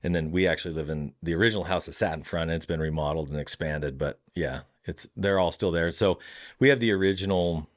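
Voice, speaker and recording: A man's voice: sits low, fast talker. A man who owns a family farm, speaking as a podcast guest in an earnest, reflective way, often restarting his sentences as he thinks. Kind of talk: casual interview chat.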